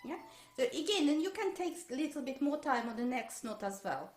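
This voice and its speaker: A woman's voice: high voice, very animated, brisk, soft background music. A woman teaching a violin masterclass online. She hesitates with many fillers and sings musical phrases on syllables. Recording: roomy echo.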